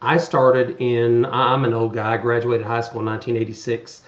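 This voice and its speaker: A man's voice: mid-range voice, flat delivery, normal speed, reverberant, lo-fi sound. A man in his fifties talking earnestly on a podcast, rambling with many restarts as he explains his charity work. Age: 50s. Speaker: podcast guest, charity event organizer. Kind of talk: casual chat.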